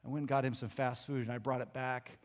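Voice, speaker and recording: A man preaching as a pastor, telling a personal story in an animated way that swings between loud and hushed. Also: mid-range voice, fast talker, in a large hall. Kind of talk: storytelling sermon.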